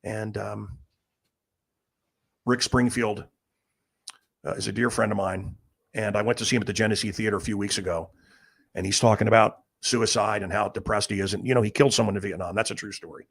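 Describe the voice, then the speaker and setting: A man's voice: fairly low pitch, steady tone, a little fast, creaky, pauses often, a bit bright, breathy edge. Blunt, rambling middle-aged man. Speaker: radio host. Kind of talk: casual storytelling monologue.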